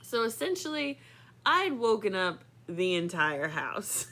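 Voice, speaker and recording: A woman's voice: mid-range voice, very animated, unhurried, sharp tone. A woman in her thirties telling a personal story in a chatty way, full of fillers, often laughing. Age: 30s.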